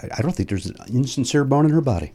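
A man chatting as a guest, his pitch moving freely as he sets up a story. He is relaxed and easygoing, quick to laugh with the host. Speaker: podcast guest. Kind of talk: casual chat.

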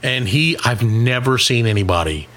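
Animated, bright-voiced male storyteller. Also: mid-range voice, normal speed. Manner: animated, swearing, acts out quoted voices. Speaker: podcast co-host. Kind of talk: casual storytelling.

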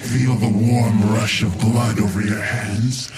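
A man voicing a cruel, taunting demon with a deep, warped, hoarse and hissing voice. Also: fairly even intonation, slow pace, lightly acted. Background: loud music.

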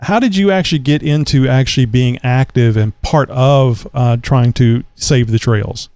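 A man from Texas hosting a casual talk show, speaking in a relaxed, plain-spoken way with some hesitation. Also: medium pitch, moderate pace, smooth, no room sound. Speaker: host. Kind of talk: casual chat.

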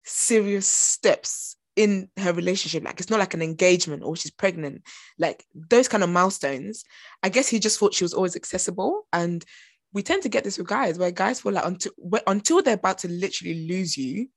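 A young woman recapping a TV episode in a chatty vlog, animated and gossipy, acting out her own reactions. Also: on the low side, fairly quick, dry recording. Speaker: TV show reviewer.

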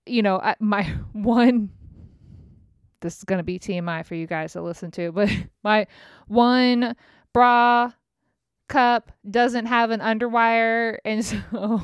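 A woman's voice: mid-range voice, clear, resonant tone, no echo, studio quality. Profane, rambling woman venting candidly. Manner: profane, frank and self-mocking; rambling, laughing through her words. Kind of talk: candid personal rant.

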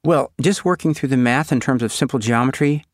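A man's voice: mid-range voice, a little fast, no room sound, clean studio sound, voice pushed up, close to an everyday voice. A man voicing an earnest, anxious young girl who speaks formally and eagerly to please.

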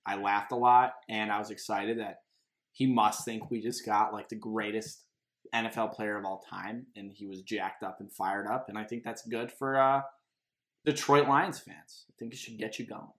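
A man's voice: fairly low pitch, steady tone, normal speed, a bit bright. Argumentative man in a sports chat. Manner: argumentative, hedging with "like". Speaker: podcast co-host.

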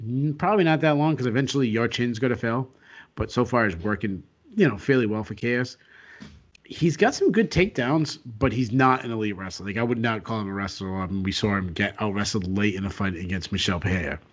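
A man's voice: fairly low pitch, a little fast. A man co-hosting a sports podcast late at night, sounding sleepy and giving casual, rambling fight analysis full of restarts. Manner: rambling, filler-heavy, frequent restarts. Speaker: co-host and analyst.

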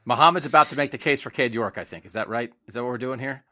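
Bright-voiced young host running a panel. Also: male voice, medium pitch, racing. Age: 20s. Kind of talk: casual panel discussion.

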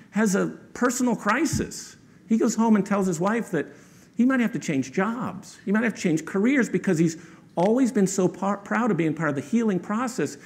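A male author speaking as a guest tells an anecdote to a live audience. His somewhat high voice rises and falls a lot. He lifts it further when he quotes others. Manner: animated, quotes people in raised voices; conversational with frequent rhetorical "right?".

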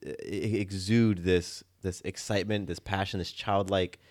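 A man chatting casually as a guest, easygoing and quick to laugh at himself. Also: low voice. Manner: easygoing, laughs at himself, animated when excited. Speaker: podcast guest. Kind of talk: casual conversation.

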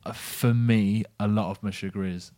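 A man with a fairly low voice chats about bands in a relaxed, wry way. His humour is dry, and he thinks aloud with fillers. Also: moderate pace. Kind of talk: casual chat.

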